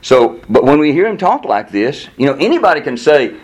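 A man preaching a sermon in a conversational way, acting out the quotes and chatting with the listeners. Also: fairly quick. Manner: animated, acts out quotes with rising pitch; conversational, with laughs and audience asides. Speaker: pastor.

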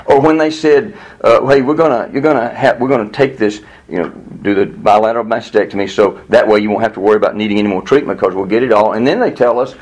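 An older man teaching a Sunday school class in an earnest, candid way, full of restarts and sudden high-pitched exasperation. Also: fast, hardly any pauses, a little mellow. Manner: earnest, candid, many restarts, rising to high exasperated voices when quoting himself.

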